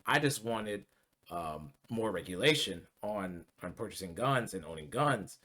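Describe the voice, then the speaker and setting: A man's voice: sits low, animated, unhurried, sharp tone. Heated, profane male political ranter. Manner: heated, profane, many fillers and restarts. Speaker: political commentary vlogger. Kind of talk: casual political rant.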